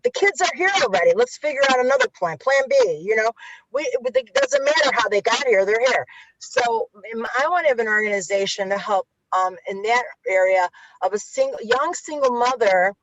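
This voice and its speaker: A woman's voice: fairly high pitch, very animated, moderate pace, over a noisy crowd. A woman with a Chicago accent, an author and youth interventionist, talking candidly in an interview, blunt and profane, with many restarts. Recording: dull lo-fi audio.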